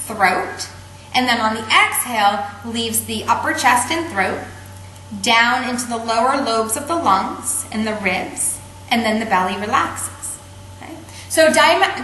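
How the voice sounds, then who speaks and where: A woman teaching a yoga breathing technique in a calm, patient way, often checking in with "okay?". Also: on the high side, slight background noise. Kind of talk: instructional explanation. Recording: echoey room, faint ambience.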